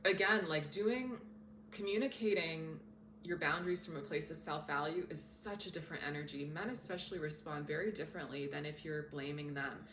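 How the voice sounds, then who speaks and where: A woman's voice: deep voice, fairly quick, fairly bright tone, slight background noise. A woman self-development coach talking casually to camera in an earnest, openly emotional way. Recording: echoey room.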